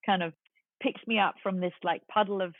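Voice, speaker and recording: A woman's voice: mid-range voice, brisk, dry recording. English lady in her 40s telling a story on a call, thin phone-y sound, dry, does all the voices. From London. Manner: lively, acts out quoted voices. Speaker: guest. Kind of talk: storytelling in a casual chat. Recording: tinny phone-like line, dry.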